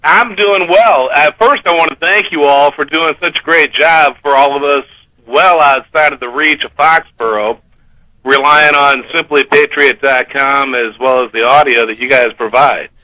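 A man's voice: fairly high pitch, moderate pace, sharp tone, low-quality recording. A man calling in to a sports talk radio show, chatty and rambling, often correcting himself. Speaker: caller.

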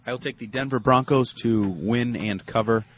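A man's voice: medium pitch, normal speed, husky. A man on a sports talk panel who makes picks with blunt verdicts and teases the other panelists. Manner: blunt, teasing, short verdicts. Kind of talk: casual sports panel chat.

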